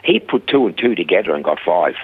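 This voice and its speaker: Older Swiss-accented man, low and husky, animated storyteller. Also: a little fast, narrow, tinny audio. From Switzerland. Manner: animated anecdotal storytelling, acting out dialogue. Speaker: guest telling his life story. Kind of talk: storytelling interview.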